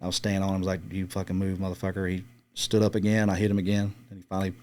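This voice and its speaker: A man's voice: deep voice, level tone, very fast, darkish tone. Laid-back profane man telling a war story. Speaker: guest, former Marine scout sniper. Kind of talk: casual storytelling interview.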